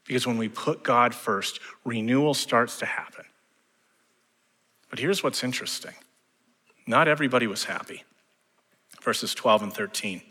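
A man preaching a sermon as pastor, building to fervent emphasis and dropping to hushed lines. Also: mid-range voice, normal speed, long pauses, breathy edge, long reverb tail.

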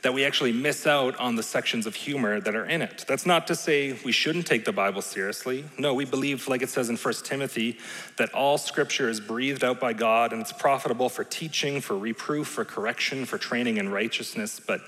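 A man's voice: mid-range voice, fairly quick, sharp tone. A man preaching a sermon in a conversational, playful way, often checking in with the room. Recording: long reverb in a large hall.

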